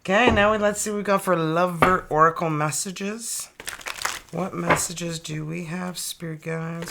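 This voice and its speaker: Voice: medium pitch, fairly even intonation, unhurried, vocal fry, noisy background. A tarot reader from Canada giving a casual, chatty reading and exclaiming over each card as it turns up.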